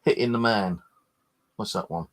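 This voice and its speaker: Tired bloke, low-pitched, rambling casual chat full of swearing and restarts. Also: male voice, moderate pace. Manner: swears freely, meandering with many restarts. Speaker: ghost hunter chatting with livestream viewers.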